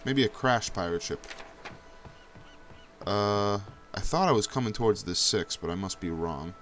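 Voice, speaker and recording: A young man casually narrating his own gameplay, swearing often and breaking into high yelps when danger shows up. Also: animated, unhurried, a bit bright, slight background noise. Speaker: gameplay commentator. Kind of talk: casual let's-play commentary.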